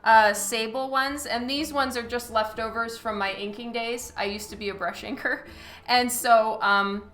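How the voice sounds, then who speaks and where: A woman comic artist chats through a live drawing stream, thanking viewers by name and filling pauses with ums. Her voice is bright and a little high. The room around her echoes, and soft music plays underneath. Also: fairly even intonation. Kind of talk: casual live-stream chat while drawing. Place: studio at a light table. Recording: roomy echo with faint music.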